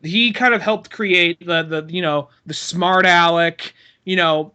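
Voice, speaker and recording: A man's voice: high-pitched, steady tone, unhurried, sharp tone, clear, resonant tone, lo-fi sound. A man co-hosting a podcast in casual comedic chat, riffing with lots of swearing and laughter. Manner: profane riffing, acts out voices, laughs often. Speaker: podcast host.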